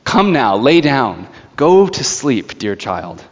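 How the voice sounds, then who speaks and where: A man voicing a sly, mocking evil witch who speaks softly and coaxingly with feigned innocence. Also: medium pitch, very animated, slow. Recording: echoey church hall, slightly dull.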